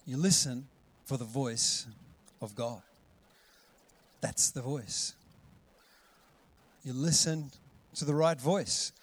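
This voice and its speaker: A middle-aged man, preaching a lively sermon and acting out voices with sudden loud calls. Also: mid-range voice, slow, pauses often, slightly rough. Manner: animated, acts out voices with big loud calls. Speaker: pastor.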